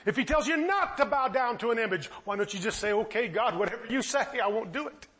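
A man's voice: extremely high pitch, expressive, fast, fairly bright tone. A man preaching a sermon, impassioned and pleading, firing off rhetorical questions.

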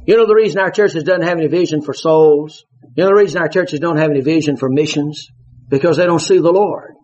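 A man preaching a sermon, animated, bursting into shouts and laughter as he tells his stories. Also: on the high side, quick pace. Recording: dull lo-fi sermon recording.

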